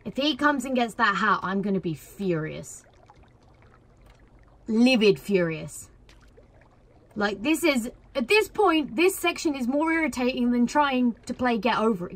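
A woman commentating her own gameplay in an excitable way, cheering, shouting and laughing at the screen. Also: fairly high pitch, unhurried. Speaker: gaming video creator. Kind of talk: let's play commentary.

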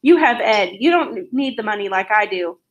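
A woman reading aloud the lines of a bitter, resentful middle-aged aunt in a sharp, accusing way. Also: medium pitch, lively intonation, normal speed, dull audio, close to an everyday voice.

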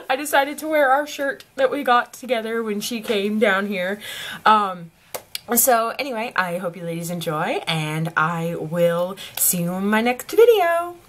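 A woman's voice: medium pitch, measured pace, fairly bright tone. A young woman with a Southern US accent, gushing and giggling as she opens gifts in a casual home vlog. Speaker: vlogger. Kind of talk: casual gift-opening vlog. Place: at home by her desk.

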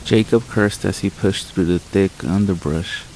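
A man narrating horror stories in a calm, measured way with dramatic pauses. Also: low voice, a little hiss or hum, low-quality recording.

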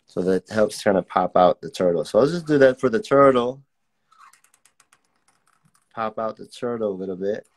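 A man's voice: fairly low pitch, moderate pace, long pauses. A young man teaching a casual live-streamed drawing class, chatty and laid-back, reading out viewer comments as he draws. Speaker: art teacher.

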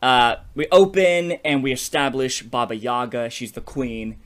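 A man co-hosting a podcast, chatting casually as he brainstorms a story. He is animated, laughs often and keeps checking in with "you know what I mean". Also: medium pitch, unhurried. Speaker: podcast co-host. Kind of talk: casual creative brainstorming chat.

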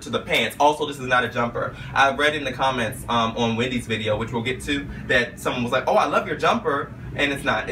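A man telling a story in a vlog with flamboyant, sassy flair, peppering his talk with "okay?" and "honey" and jumping into high squeals for his own quotes. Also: far from the mic, background noise. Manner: jumps into high squeals when quoting himself. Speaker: vlogger recounting a talk show visit.

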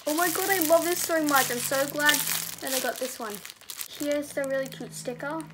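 A teenage girl reviewing squishy toys in a casual, gushing way, sometimes dropping to a soft murmur. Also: high voice, moderate pace, very noisy. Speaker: squishy haul vlogger.

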